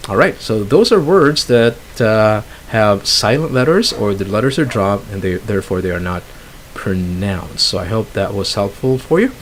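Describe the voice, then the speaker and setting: A man working as a trainer, giving a casual online English pronunciation lesson and explaining with relaxed fillers and asides. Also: fairly low pitch, normal speed. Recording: faint hiss.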